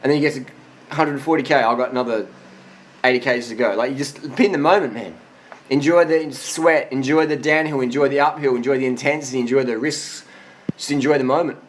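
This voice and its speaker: A man in his forties speaks in a casual question-and-answer monologue, blunt and full of swearing. He is tired after a long ride, and his pitch sits in an ordinary middle range. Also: fairly even intonation, fairly quick, a little hiss or hum. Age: 40s. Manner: blunt, profane and emphatic. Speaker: vlogger answering viewer questions.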